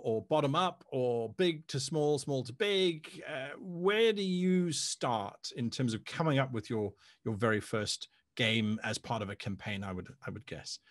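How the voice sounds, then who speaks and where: A man hosting a casual panel discussion, animated and quick with jokey asides. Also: on the high side, no room sound, clean studio sound. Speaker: panel host.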